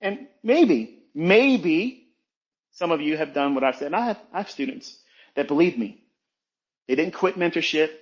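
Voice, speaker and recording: A man's voice: a little high, expressive, normal speed, muffled recording. A man talking as a trading mentor in a blunt, emphatic, profane monologue, repeating his points for weight.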